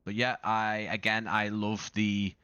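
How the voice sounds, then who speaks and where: Deep, bright-toned man streaming a flight sim. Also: little pitch movement, measured pace, clean tone, no room sound, muffled recording. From not Australian. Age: adult father. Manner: rambling, self-correcting, with frequent restarts and fillers. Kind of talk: casual live-stream commentary.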